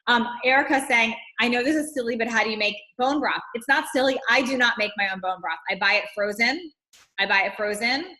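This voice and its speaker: A woman's voice: a little high, bright, forceful tone, poor audio. A woman fitness coach chatting casually on a live stream, reading out viewer comments and answering them in a loose, talky way.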